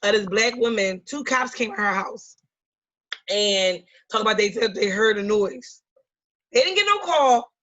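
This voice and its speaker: A woman's voice: medium pitch, animated, unhurried, fairly bright tone. A woman co-hosting a podcast, casually and vividly retelling a video and acting out the quotes. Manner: vivid storyteller who acts out quotes. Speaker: podcast co-host. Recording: dull, lo-fi sound.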